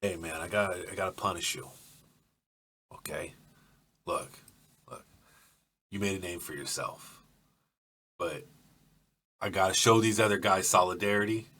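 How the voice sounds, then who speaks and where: A man voicing a gruff male biker gang boss who swears bluntly and talks streetwise. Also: medium pitch, moderate pace, bright, forceful tone, far from the mic. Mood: stern.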